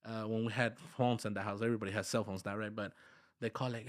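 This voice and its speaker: A man's voice: lowish voice, fast, no echo, clean studio sound. A man from Dallas, Texas, telling work stories in a casual, slangy way as a podcast guest, acting out his talks with his workers and dropping in Spanish phrases. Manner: animated, slangy, acts out dialogue with workers. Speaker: podcast guest, construction business owner. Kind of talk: casual conversational storytelling.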